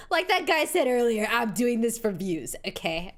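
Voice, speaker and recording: A woman's voice: fairly high pitch, sing-song, takes it slowly, long pauses. A young adult woman streamer chatting casually with her live chat, crying and laughing as she thanks viewers. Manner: tearful, laughing between thank-yous to chat.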